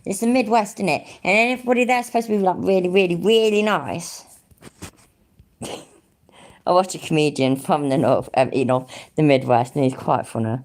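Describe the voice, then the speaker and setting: A woman's voice: fairly low pitch, normal speed, darkish tone. An English woman rambling casually on a live stream, thinking aloud, humming to herself and swearing freely. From England.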